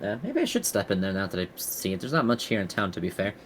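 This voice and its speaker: A man's voice: sits low, wildly swooping pitch, fast talker, a bit bright, slight background noise, exaggerated voice. A man voicing a friendly woman tavern keeper who chats and rambles politely. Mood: chatty.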